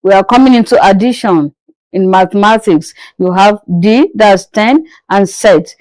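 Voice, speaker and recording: A French teacher with a mid-range, slightly slow and mellow voice gives a slow drilling pronunciation lesson, repeating each word several times and patiently asking and answering her own questions. She gently coaxes learners to listen closely. The recording is dry and rough.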